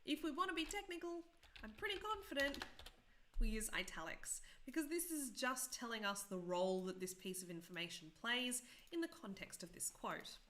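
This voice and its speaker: A woman's voice: fairly high pitch, sharp tone. A woman in her thirties teaching a live-streamed coding tutorial, chatty and self-deprecating, often asking viewers questions.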